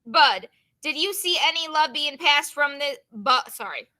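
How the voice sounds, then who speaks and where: A woman's voice: sits high, animated, unhurried, pushed and bright, heavily acted. A woman voicing a joking adult male jazz musician who teases with slangy, playful ribbing, read aloud on a video call. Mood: teasing.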